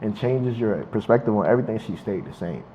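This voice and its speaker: A man's voice: lowish voice, animated, quick pace, mellow. A young man talking in a casual interview, heartfelt and emphatic, often repeating his words. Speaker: interviewee, university student. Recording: dull lo-fi recording with faint noise.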